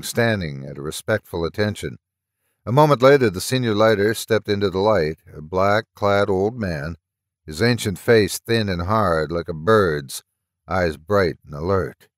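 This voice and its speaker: A man narrating a horror story at a steady, measured pace, close to the mic. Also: low voice, dry recording. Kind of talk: audiobook reading of a story.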